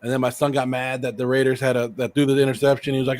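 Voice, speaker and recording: A middle-aged American man hosting a casual livestream, rambling excitedly and sounding a bit sick and hoarse. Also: medium pitch, rapid-fire. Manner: excited, rambling, laughs often. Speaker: host.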